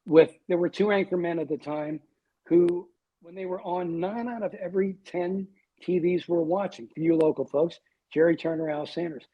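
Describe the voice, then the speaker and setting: A man's voice: high voice, moderate pace, muffled recording. A man in his sixties, a guest on a podcast, telling wry, self-deprecating stories. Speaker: guest, TV weatherman. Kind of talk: storytelling in a podcast interview.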